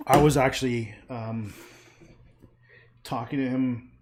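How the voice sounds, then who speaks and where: A man's voice: medium pitch, steady tone, slow pace, darkish tone, slight background noise. A man painting and chatting casually on a livestream, rambling and trailing off into muttered asides.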